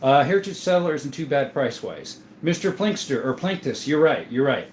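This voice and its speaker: A man's voice: medium pitch, big pitch swings, moderate pace, a little hiss or hum. A man casually hosting a livestream, chatting and greeting viewers by name as he reads the chat. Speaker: livestream host reading chat. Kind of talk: casual live-chat talk.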